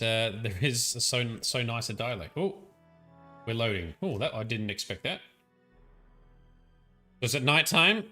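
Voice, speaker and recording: A young Australian man streams a game live, chatting, thinking aloud, and laughing often. His voice is mid-range, pushed and bright.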